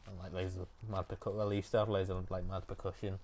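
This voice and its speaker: A man hosting a relaxed music chat show, talking loosely and hesitantly with lots of fillers. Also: sits low, fast.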